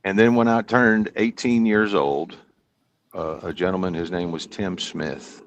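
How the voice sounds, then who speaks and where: Guesting on a podcast, a comedian and hypnotist from Kentucky in his fifties tells stories in a chatty, rambling interview. He speaks low and level at a measured pace, and the recording has its highs cut off.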